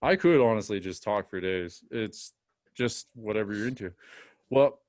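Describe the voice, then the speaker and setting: Casual male podcast co-host, rambling storyteller, slightly low voice, dry room. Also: moderate pace, darkish tone, dry recording. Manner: rambling storyteller, chatty fillers. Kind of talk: casual chat.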